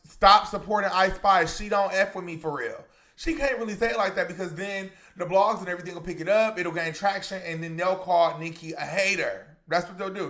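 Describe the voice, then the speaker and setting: A man hosts a celebrity gossip commentary video, talking straight to his viewers. He is chatty and emphatic and keeps calling them "y'all." His voice sits high for a man. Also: a bit bright. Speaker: commentary YouTuber.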